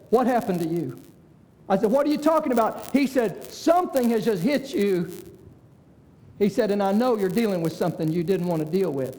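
This pastor, also in his sixties, speaks high but with a dark tone, sharing a personal anecdote from the pulpit in homespun style and imitating the voices of those he quotes. Long reverb from a big hall surrounds his words.

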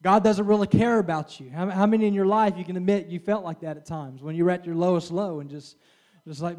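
High-voiced man preaching a sermon. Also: steady tone, a little fast, darkish tone. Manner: earnest, with frequent amens and restarts.

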